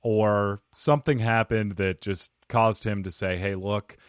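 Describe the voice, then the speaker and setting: A man hosting a comedy podcast, trading dry, low-key jokes in casual chat. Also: fairly even intonation, measured pace, clean tone, dry recording. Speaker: podcast host.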